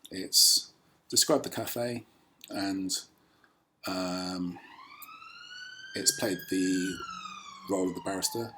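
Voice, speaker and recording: A man's voice: sits low, wildly swooping pitch, slow, long pauses, noisy background. A man casually explaining a language practice tool on screen, hesitant with many ums.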